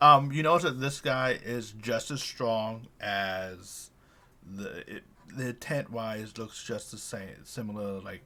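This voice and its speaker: A man's voice: fairly low pitch, takes it slowly, sharp tone. A man acting as game master in a tabletop game, talking in a loose, rambling way. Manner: counting aloud, loose and rambling.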